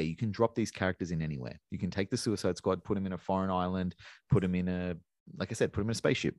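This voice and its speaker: Male podcast co-host, deep voice, enthusiastic rambler, dry close sound. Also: dry recording. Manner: rambling, enthusiastic, swears casually. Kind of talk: casual film discussion.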